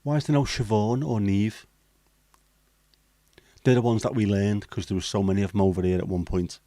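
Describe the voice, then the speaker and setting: A man's voice: fairly low pitch, steady tone, moderate pace, mellow, no echo. A man from England hosting a livestream, reading out the chat with blunt, sweary banter. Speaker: livestream host. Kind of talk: casual live chat reading the chat.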